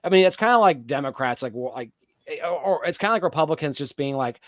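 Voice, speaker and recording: A man's voice: on the high side, lively intonation, fast, a bit bright, no room sound. Podcast co-host, male, casual rambling recap style, dry close sound. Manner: rambling, filler-heavy, many restarts. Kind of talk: casual chat recapping a TV episode.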